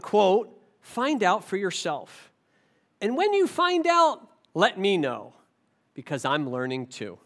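A man preaching a sermon as pastor, impassioned, swinging from forceful emphasis down to low, quiet stretches. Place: church sanctuary.

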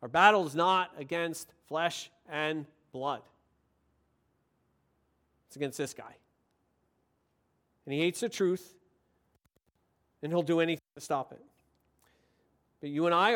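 A man preaching a sermon with passion, moving from quiet, reflective passages into excited, emphatic ones. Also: on the high side, measured pace, pauses often.

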